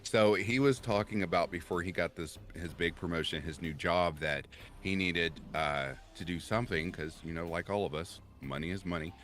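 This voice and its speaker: Deep-voiced man hosting a casual stream. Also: moderate pace, a bit bright. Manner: chatty storyteller, laughs easily. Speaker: livestream host and story narrator. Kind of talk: casual livestream chat.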